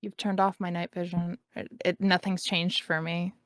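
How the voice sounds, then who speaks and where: A woman's voice: on the low side, little pitch movement, moderate pace, a bit bright, no echo. Insistent woman player in a dry recording. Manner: insistent, arguing rulings with the game master. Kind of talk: casual tabletop game chat.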